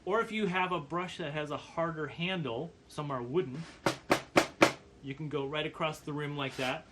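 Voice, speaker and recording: A man giving a percussion lesson, calmly explaining brush patterns and counting beats aloud. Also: on the high side, moderate pace, background noise. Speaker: percussion teacher. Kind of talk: instructional demonstration.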